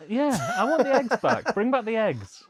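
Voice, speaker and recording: A man joking his way through a film commentary with dry, deadpan quips. His pitch moves about a lot, and the recording is dry and close with no room sound. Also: normal speed, dry recording.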